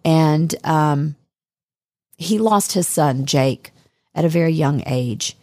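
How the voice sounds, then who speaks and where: A woman's voice: low-pitched, takes it slowly, dark tone, dry recording, studio quality. A woman chatting casually on a podcast, reminiscing about a friend with many fillers and restarts.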